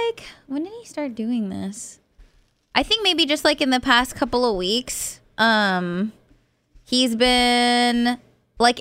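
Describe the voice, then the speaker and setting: A woman's voice: a little high, clear, resonant tone, dry recording. A young woman co-hosting a radio show, chatting casually about her relationship with lots of "like" and casual swearing. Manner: chatty, frequent "like", animated retelling, swears casually. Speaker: radio co-host. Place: radio studio.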